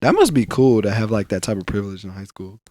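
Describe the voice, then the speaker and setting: A man's voice: sing-song, fast talker, warm tone, dry recording. A young man co-hosting a podcast in laid-back casual chat, telling stories about school. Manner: laid-back storyteller who acts out others in a higher voice. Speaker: podcast co-host.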